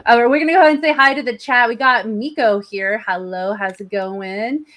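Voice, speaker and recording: A woman's voice: a little high, a little fast, fairly bright tone. A woman hosting a casual pop culture livestream, bubbly and laughing often. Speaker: host.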